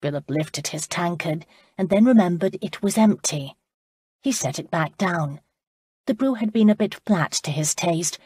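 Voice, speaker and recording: Steady female audiobook narrator, husky timbre, dry close-mic sound. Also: fairly low pitch, no room sound. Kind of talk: scripted narration.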